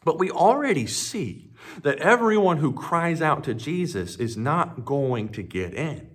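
A man's voice: a little high, very animated, a little slow, husky. A male pastor preaching a sermon with emphatic delivery, building up as he quotes scripture.

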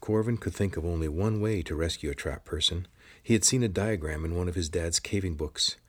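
A man narrating an adventure story in a steady, measured reading. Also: deep voice, breathy edge. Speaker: audiobook narrator. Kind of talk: scripted narration.

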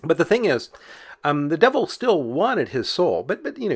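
A man's voice: a little high, big pitch swings, moderate pace, breathy edge. A man casually telling folk tales, chatty and full of fillers, acting out sound effects as he goes. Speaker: storyteller.

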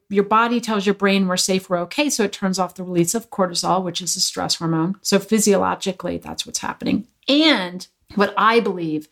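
Woman, guest, breathwork teacher, mid pitch, earnest, instructive, frank, conversational. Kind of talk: casual explanatory chat.

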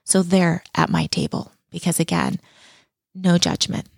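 A woman's voice: on the low side, big pitch swings, unhurried, vocal fry, dry recording, studio quality. A middle-aged woman speaking as a guest in an interview, earnest and heartfelt, repeating key words for emphasis. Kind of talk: reflective personal interview talk.

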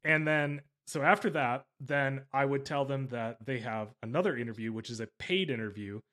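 A podcast host chats casually with his interview guest, speaking at length in a mid-range voice with a fairly bright tone and a moderate pace. His delivery rambles and is emphatic, and he keeps correcting himself mid-sentence.

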